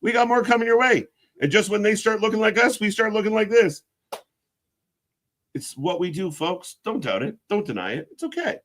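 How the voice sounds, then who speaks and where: Loud, animated, profane male stream host. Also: sits high, moderate pace. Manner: loud, profane, sarcastic, swinging between mock shouts and mutters. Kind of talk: casual live wrestling commentary.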